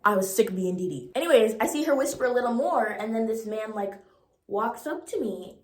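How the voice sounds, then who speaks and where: A young woman in her twenties telling a storytime vlog in an animated, slangy way and acting out the voices. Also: on the high side, brisk. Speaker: vlogger. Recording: roomy echo.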